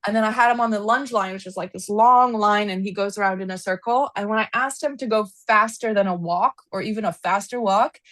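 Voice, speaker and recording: An equine therapist appears as a podcast guest, telling a personal story in an easygoing, animated way, using "like" a lot and rising in pitch when she relives her anger. Her mid-register voice comes across close and dry with no echo, fairly quick and with few pauses, in a casual interview.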